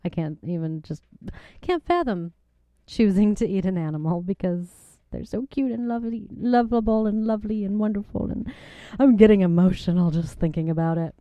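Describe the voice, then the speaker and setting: A woman's voice: medium pitch, moderate pace, no room sound, lo-fi sound. A woman hosting her podcast from home at a microphone, chatting casually in a bubbly, giggly, gushing way. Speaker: podcast host. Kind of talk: casual chat. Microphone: desk microphone.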